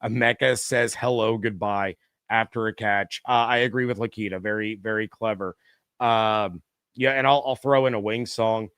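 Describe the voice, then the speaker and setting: A man's voice: on the low side, fairly even intonation, moderate pace, a bit bright, clean tone, no room sound, studio quality. Chatty man hosting a sports stream. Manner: chatty, reads viewer comments aloud with frequent fillers. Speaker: podcast host. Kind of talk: casual live-stream sports talk.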